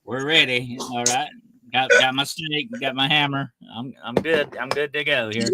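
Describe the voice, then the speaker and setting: A man who is a guest on an online talk show, joking in chat and measured and solemn as he leads a prayer. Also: mid-range voice, steady tone, noisy background. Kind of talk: casual interview and spoken prayer.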